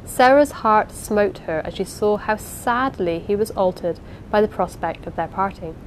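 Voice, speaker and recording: A woman narrating an audiobook in a measured, expressive reading with occasional pauses. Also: mid-range voice, a little hiss or hum, rough recording. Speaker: audiobook reader. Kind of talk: unhurried amateur audiobook narration.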